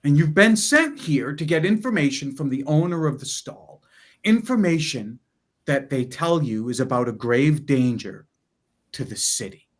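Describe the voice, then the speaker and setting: Slow, unhurried male game master. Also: fairly high pitch. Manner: unhurried, halting descriptive narration. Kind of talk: narrating a tabletop game.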